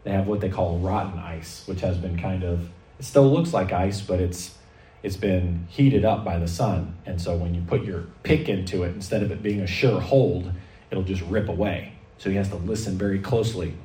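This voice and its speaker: A man preaching a sermon, telling stories in a lively way and acting out the voices he quotes. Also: sits low, normal speed. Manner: animated storytelling preacher, acts out quoted voices. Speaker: pastor. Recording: echoey hall, mic at a distance.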